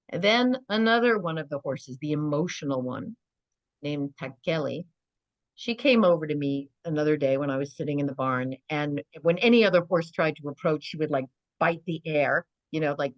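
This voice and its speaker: A middle-aged woman, a guest on an interview podcast, telling stories in an earnest, animated way and often saying "you know". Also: deep voice, moderate pace, no echo, dull audio.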